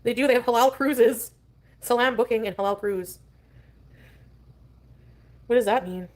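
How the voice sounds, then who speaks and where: A woman's voice: a little high, measured pace, a little mellow. A woman livestreamer chatting in a scattered way, drifting from one topic to the next. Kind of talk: rambling livestream chat.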